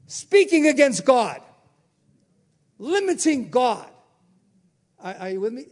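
A man preaching a sermon, firing off rhetorical questions and swinging between loud exclamations and quiet asides. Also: very high-pitched, very animated. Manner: rapid-fire rhetorical questions.

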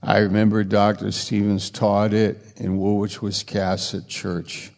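A man preaching in a slow, deliberate way, his voice gravelly at the edges. He pauses often, then surges upward into emphatic bursts. The sound rings out with a long hall reverb. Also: little pitch movement, darkish tone. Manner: slow and halting, rising to emphatic high bursts. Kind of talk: sermon.

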